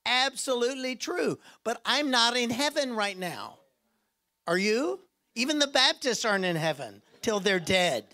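A man preaching a sermon in a church, animated and joking, acting out voices as he goes. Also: very high voice, a little slow. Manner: animated, acts out quoted voices and jokes. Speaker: guest preacher.

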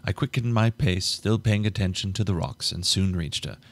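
A man narrating an audiobook live in a measured way, going back over flubbed lines. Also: low voice.

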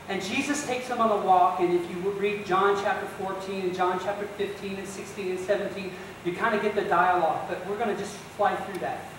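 A man's voice: high voice, slight background noise. A man preaching a sermon as pastor, talking in a conversational way and acting out the people in the story. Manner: conversational, animated retelling with acted-out asides. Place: church sanctuary. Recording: echoey church hall, voice from far off.

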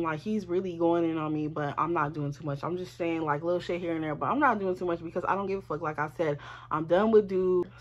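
A woman telling a storytime to her viewers in a lively, profane, chatty way, speaking straight to them. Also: fairly low pitch. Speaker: vlogger. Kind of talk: casual storytime.

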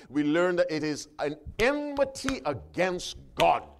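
A man preaching a sermon, reading scripture aloud with his congregation and calling for responses, loud and emphatic on the verses and quieter between them. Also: fairly high pitch, very animated, measured pace, few pauses.

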